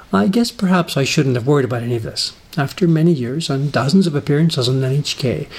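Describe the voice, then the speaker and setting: A middle-aged man reading a personal essay aloud in a dry, self-deprecating, unhurried manner. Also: a little high, a little mellow, husky. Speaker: narrator. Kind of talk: scripted personal essay narration.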